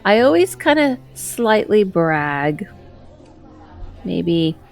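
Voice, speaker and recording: A woman's voice: medium pitch, very animated, very slow, gravelly. A middle-aged woman hosting her own channel as a psychic medium, talking casually to camera in a rambling way with many fillers and asides.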